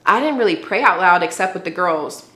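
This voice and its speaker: A woman's voice: lowish voice, animated, fairly quick, a bit bright, roomy sound. Earnest woman sharing her faith testimony. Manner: earnest, conversational, heavy use of "like". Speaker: interview guest.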